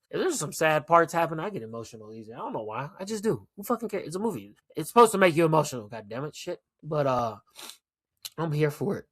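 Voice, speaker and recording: A man hosting a solo podcast, talking casually in a blunt, profane, animated rant. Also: a little high, no echo, clean studio sound. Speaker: podcast host.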